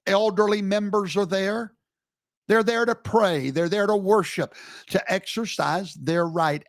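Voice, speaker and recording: A man's voice: high voice, gravelly, dry recording, studio quality. A man giving a live streamed commentary in an emphatic, preacherly way, scolding with rhetorical questions.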